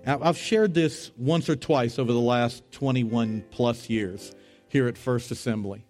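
A middle-aged man preaching as a pastor, telling a story with animated, rising voices for the people in it. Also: a little slow, soft background music. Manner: animated, rising to high excited voices when retelling dialogue. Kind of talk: sermon storytelling.

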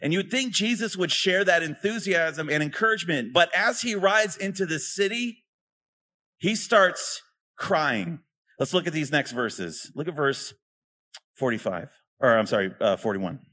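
A man preaching a sermon in a relaxed, conversational way, often tossing rhetorical questions to his listeners. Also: a little high, unhurried. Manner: casual, asks rhetorical questions. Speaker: pastor.

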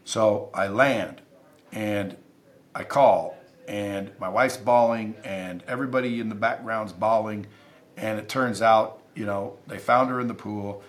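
A man's voice: on the low side, steady tone, measured pace. A man who is a podcast guest, telling stories in an emphatic, intense way and swearing freely. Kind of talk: casual interview storytelling.

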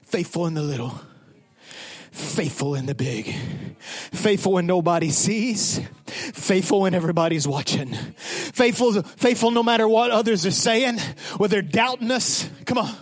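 A male pastor preaching with passion, rising to shouts and dropping to whispered, chanted repetitions. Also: high voice, lively intonation, normal speed. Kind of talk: sermon.

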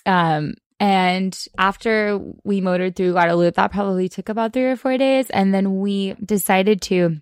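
A woman's voice: medium pitch, fairly even intonation, moderate pace, hardly any pauses, smooth, no echo, clean studio sound. A woman co-hosting a podcast from a sailboat, chatting frankly and laughing easily, with small restarts. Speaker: podcast co-host. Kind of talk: casual chat. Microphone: podcast mic.

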